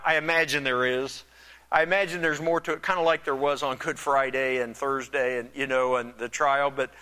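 A man's voice: fairly high pitch, bright, forceful tone, in a large hall. A man preaching a sermon, conversational, imagining and acting out the dialogue of the story. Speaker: pastor.

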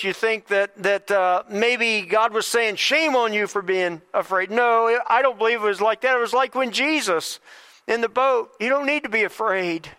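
Earnest high-voiced male preacher. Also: bright, forceful tone, clean tone. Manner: earnest, repetitive preaching with frequent restarts. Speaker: pastor. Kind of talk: sermon.

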